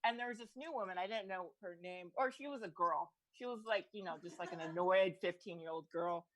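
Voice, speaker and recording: A woman's voice: fairly low pitch, brisk, fairly bright tone, poor audio. A comedian telling a rambling stand-up story, restarting her sentences and laughing at her own lines. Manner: rambling, self-interrupting, laughs through lines.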